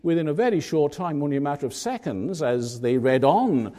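A man preaching a sermon, telling a story in a measured way and stressing key words with emphasis. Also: fairly high pitch, animated, mellow.

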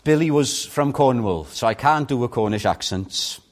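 An older man preaching a sermon with impassioned swings, rising loud on key points and dropping to a hush. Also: mid-range voice, lively intonation, normal speed.

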